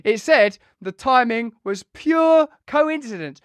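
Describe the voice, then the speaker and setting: A man's voice: high voice, very animated, moderate pace, a bit bright, no room sound. A British man hosting an online show, delivering news commentary to a live chat in a sarcastic, mocking way and hammering points home through repetition. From United Kingdom.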